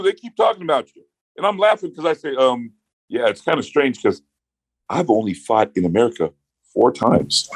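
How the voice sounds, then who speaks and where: A man chats as a podcast guest, swinging into big booming hype-man bursts as he tells his stories. His voice sits in an ordinary middle pitch. The sound is close and dry, with no room around it. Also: dry recording, poor audio. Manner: animated storyteller, booming hype-man outbursts. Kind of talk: casual podcast chat. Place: podcast studio.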